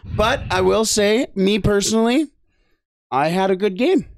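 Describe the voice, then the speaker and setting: A man with a Canadian accent co-hosting a casual podcast, telling stories with lots of laughter and animated retellings. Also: high-pitched, a little slow, creaky, dry recording. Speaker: podcast co-host. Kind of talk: casual chat.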